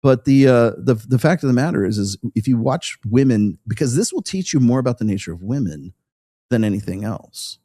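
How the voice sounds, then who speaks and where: Husky-voiced blunt male podcast host. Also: mid-range voice, very animated, fairly quick, mellow, no room sound, clean studio sound. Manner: blunt and profane, tags lines with "right?". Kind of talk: casual podcast talk.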